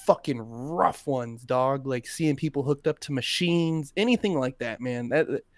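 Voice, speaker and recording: A man's voice: mid-range voice, a little slow, dry recording. A man co-hosting a podcast, telling a story in slangy casual talk and acting out the people in it. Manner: animated, slangy, acts out quotes. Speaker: podcast co-host.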